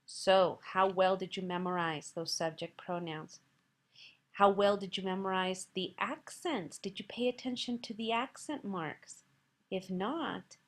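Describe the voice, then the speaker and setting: Female teacher voice-over for a slide lesson, mid-pitched, patient, encouraging, careful with Spanish words. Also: fairly bright tone. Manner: patient, encouraging, asks quiz questions to the listener; pronounces Spanish words carefully between English explanations. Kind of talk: recorded slide lesson narration.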